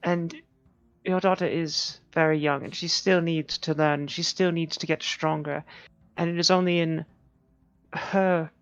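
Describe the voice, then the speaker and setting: A woman playing in a tabletop game, earnest and measured, explaining her points one by one. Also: low voice, steady tone, clear, resonant tone, dry recording, muffled recording. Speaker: player.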